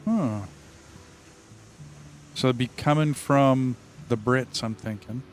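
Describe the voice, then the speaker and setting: A man's voice: medium pitch, slow pace. Man, tired, laid-back, gaming chat, headset mic, faint music behind. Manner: laid-back, musing aloud. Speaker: gaming channel host.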